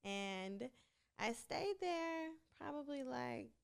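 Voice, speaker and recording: A woman's voice: sits high, expressive, slow, gravelly, smooth. A young woman guesting on a podcast interview, telling stories in a laid-back, slangy way and laughing often. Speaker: rapper and singer, interview guest. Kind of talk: casual interview chat.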